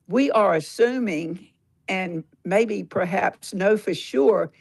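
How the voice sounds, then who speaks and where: A woman calling in to a live political audio chat, rambling and earnest with many pauses. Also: mid-range voice, creaky. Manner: rambling, earnest, halting with fillers. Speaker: caller. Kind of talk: call-in comment on a live audio room.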